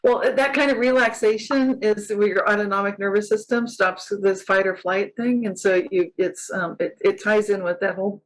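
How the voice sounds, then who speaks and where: A woman's voice: medium pitch, steady tone, normal speed, few pauses, rough recording. A woman author from California chatting as an interview guest, enthusiastic and spiritual, often laughing. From California, USA. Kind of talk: casual interview chat.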